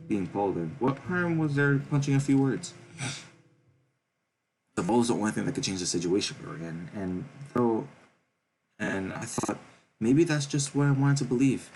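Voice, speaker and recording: A man's voice: fairly low pitch, low-quality recording. A man reading a visual novel's narration aloud for viewers, stumbling and correcting himself as he goes. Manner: reads with stumbles and self-corrections. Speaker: game streamer.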